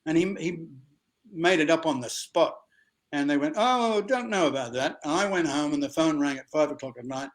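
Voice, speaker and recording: A man's voice: a little high, a little fast. Older Australian man telling stories. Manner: lively storyteller who acts out other people's voices. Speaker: guest actor. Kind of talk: anecdotal interview storytelling.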